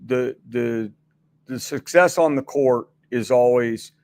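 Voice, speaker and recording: A man's voice: mid-range voice, vocal fry. A middle-aged man as a guest on a sports radio show, chatting casually and rambling with many restarts and fillers.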